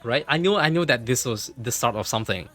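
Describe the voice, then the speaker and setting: A man chats to his stream through a desk mic in a casual storytelling mode. His mid-range voice keeps circling back and repeating phrases, dropping swear words along the way. Soft music runs faintly underneath. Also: mid-range voice, fast talker. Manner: animated, repeats himself, swears freely. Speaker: livestreamer.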